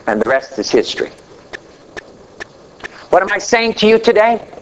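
A man preaching a sermon as pastor, slow and dramatic, letting his voice sink low at the ends of phrases. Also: sing-song, dull audio, slight background noise.

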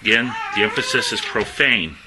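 A man's voice: fairly low pitch, huge pitch swings, moderate pace, background noise. A middle-aged man giving an informal sermon, talking conversationally and stressing words as he reads scripture aloud. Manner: conversational, self-interrupting, stresses words when reading scripture. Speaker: lay preacher.

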